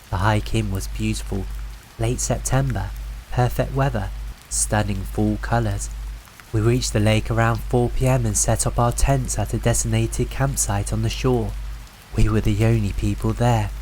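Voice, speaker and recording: A man narrating a scripted horror story in an even, measured way. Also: lowish voice, a little hiss or hum, low-quality recording. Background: faint rain.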